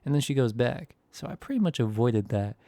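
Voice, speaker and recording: A man's voice: medium pitch, lively intonation, brisk, mellow, dry recording. A young man casually telling a storytime over a close voice-over mic, in a laid-back, rambling, self-deprecating way. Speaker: storytime YouTuber.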